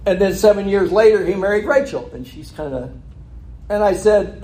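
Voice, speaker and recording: A man's voice: high voice, moderate pace, long pauses. A man from California, a pastor telling a story in a sermon and acting out both sides of a conversation. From California, USA. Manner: animated anecdotal delivery, acts out both sides of a dialogue.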